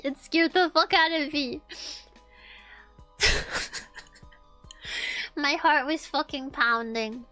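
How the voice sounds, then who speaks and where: A young woman streamer telling a story in casual chat, animated, swearing and repeating her lines. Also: high-pitched, slow pace, long pauses, faint music behind.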